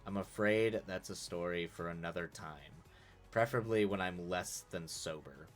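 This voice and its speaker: A stoic exiled man, read by a male streamer, speaking slowly and quietly with a very deep voice. Every word is measured and deadly serious. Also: soft background music, close to an everyday voice. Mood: grave, quiet.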